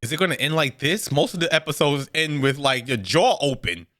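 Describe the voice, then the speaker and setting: A man's voice: on the high side, expressive, a little fast, music in the background. A man hosting a reaction video, talking casually and often breaking into exclamations. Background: show audio playing.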